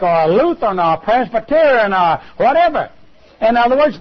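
A man preaching a sermon on television, emphatic, with rhetorical questions and sudden jumps in pitch. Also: animated, a little fast. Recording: lo-fi television broadcast.

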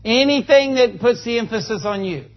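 A man's voice: extremely high pitch, moderate pace, dull audio, soft background music. A man preaching a sermon, folksy and joking, asking the congregation for amens. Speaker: pastor. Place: church.

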